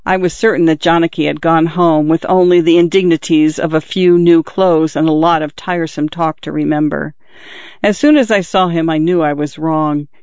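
A man reads a literary novel aloud, measured and reflective in his delivery. His voice is slightly higher than most men's. The recording is dull and dry, with no room sound. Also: darkish tone, smooth, no room sound. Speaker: audiobook narrator. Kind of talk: literary audiobook reading.

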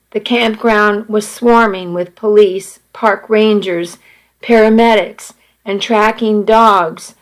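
A woman reading a first-person story aloud at an unhurried pace, with small restarts. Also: medium pitch, poor audio. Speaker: narrator reading a novel aloud. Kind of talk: first-person audiobook narration.

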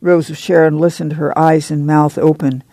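A man reading a novel aloud as an audiobook narrator, measured and unhurried. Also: a little high, little pitch movement, creaky, mellow, dry recording. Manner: slow, measured storytelling.

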